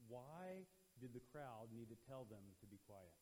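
A man preaching a youth sermon in an animated way, acting out the people he quotes, with a husky voice. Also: medium pitch, normal speed, slight background noise. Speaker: youth pastor. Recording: long hall reverb.

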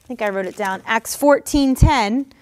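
A woman Bible teacher preaching on her podcast with fiery, exhorting energy. Her voice sits a little high, and she laughs easily between calls to action. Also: normal speed, darkish tone. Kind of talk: podcast sermon.

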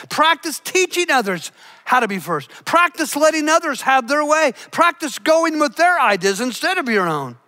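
Bright-voiced older man preaching a sermon. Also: very high-pitched. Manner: emphatic preacher with big swings between loud and hushed. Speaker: pastor. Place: church.

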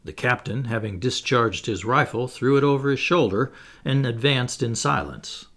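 A man's voice: medium pitch, normal speed, a bit bright. Man narrating a classic novel. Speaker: audiobook narrator. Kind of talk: scripted narration.

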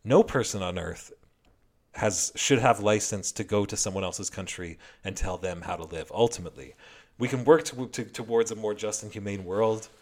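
A man's voice: on the low side, moderate pace. A man giving a heated, heavily profane and sarcastic political commentary rant.

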